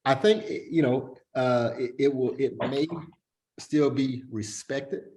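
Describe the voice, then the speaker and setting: A man's voice: medium pitch, steady tone, slow pace, dark tone. A man hosting a casual market analysis chat, talking in a hesitant way with lots of fillers and restarts.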